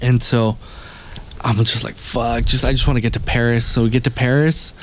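A man tells a rambling travel story in a relaxed podcast chat. He curses in nearly every sentence and acts out the lines people said. His voice sits at an ordinary middle pitch for a man. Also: moderate pace, slight background noise. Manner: rambling, heavy swearing, acts out quotes.

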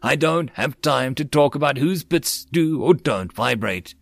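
Guy doing a bored sarcastic bird alien clerk, slow dry drawl, middle pitch. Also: animated, gravelly, no echo.

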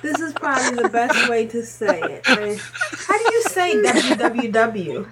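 A woman's voice: a little high, big pitch swings, a little slow, over a noisy crowd. A woman co-hosting a casual gaming podcast, reading listener emails aloud with giggly asides. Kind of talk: casual chat.

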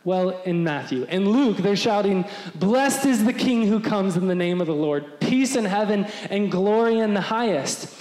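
A man preaching a sermon as pastor, animated and acting out the voices of crowds. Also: sits high, normal speed. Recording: echoey hall with long reverb.

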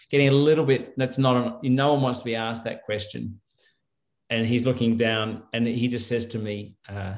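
A man's voice: mid-range voice, little pitch movement, normal speed. Man telling a story in an echoey room. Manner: rambling, with many restarts and fillers. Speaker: guest doctor. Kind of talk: casual interview storytelling.

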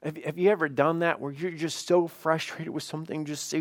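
Male pastor, sermon, conversational, acts out prayers, slightly high pitch, dry close sound. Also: steady tone, brisk, few pauses, no echo. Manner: conversational preaching, acts out prayers and dialogue, rising to emphatic pleas. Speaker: lead pastor.

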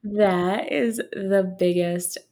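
A woman's voice: medium pitch, fairly even intonation, drawn-out words, a little mellow. Bubbly woman chatting on a podcast. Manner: chatty and bubbly, laughs often. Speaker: podcast co-host. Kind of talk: casual podcast chat.

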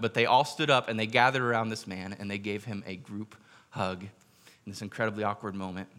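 A man, a pastor giving a sermon, retelling a story in a storytelling manner, going quiet for quoted lines and slowing down for emphasis. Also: lowish voice. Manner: drops quiet for quoted speech, slows for emphasis.

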